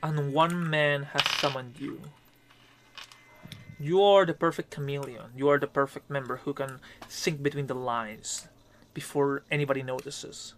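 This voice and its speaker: A man's voice: medium pitch, steady tone, a little slow, a bit bright, a little hiss or hum. A man acting as game master, narrating a tabletop horror game in a conversational way, with fillers and asides. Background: faint music.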